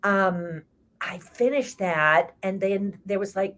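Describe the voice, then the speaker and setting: A woman's voice: medium pitch, normal speed. An older woman with a Texas accent, a stage actress telling rambling stories in a casual chat. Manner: chatty, rambling storyteller.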